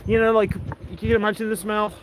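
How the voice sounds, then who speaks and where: A livestream host with an English accent jokes and chats casually while walking along the coast outdoors, laughing often. He talks fast in a high, level voice, with outdoor noise in the background.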